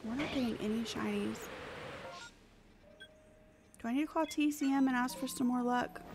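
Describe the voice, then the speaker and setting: A woman's voice: on the high side, normal speed, noisy background. A woman live-streaming a game, chatting playfully with her viewers. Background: background music.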